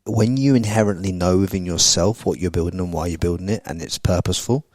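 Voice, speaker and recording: A man's voice: low voice, fast talker, darkish tone, no room sound. A man hosting a podcast interview, speaking with intense, motivational drive and casual swearing. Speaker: podcast host.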